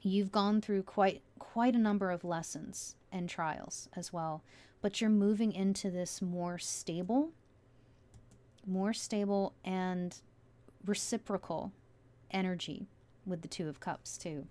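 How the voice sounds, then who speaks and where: A woman's voice: medium pitch, slow, a little mellow. A woman giving a casual tarot reading, musing aloud with many fillers as she turns the cards. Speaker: tarot reader.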